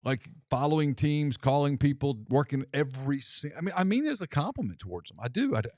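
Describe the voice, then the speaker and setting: A man's voice: a little high, sing-song, quick pace, darkish tone, no room sound, clean studio sound. A man co-hosting a casual sports talk show, wry and self-deprecating, often stumbling and repeating words. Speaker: podcast co-host.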